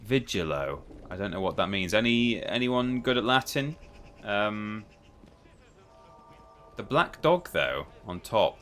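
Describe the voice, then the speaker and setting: A man's voice: sits low, bright, forceful tone, a little hiss or hum. A man hosting a live gameplay stream, chatty and musing as he wanders through the game. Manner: chatty, musing, self-interrupting. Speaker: livestream host.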